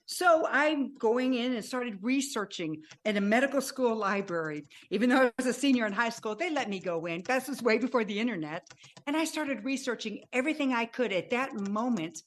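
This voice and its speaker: An older woman in her sixties tells her own story as a guest, her somewhat high voice lively and expressive. She slips into the voices of the people she remembers as she goes. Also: moderate pace. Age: 60s. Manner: animated, acts out remembered dialogue. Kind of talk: personal storytelling.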